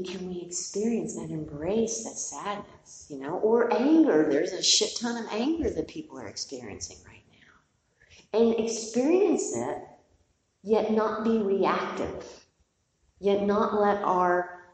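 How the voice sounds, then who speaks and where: A woman's voice: lowish voice, darkish tone. A middle-aged woman teaching meditation, giving a candid, digressive dharma talk to a group with some casual swearing. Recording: roomy hall from a distance, faint noise.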